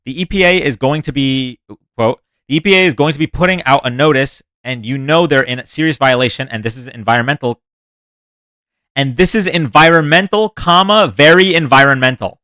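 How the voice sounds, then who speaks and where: A man's voice: medium pitch, brisk, fairly bright tone, no echo. A man hosting a live stream, reading news stories aloud and mocking the quotes with sarcastic asides. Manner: sarcastic, reads quotes then mocks them. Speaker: livestream host reading news.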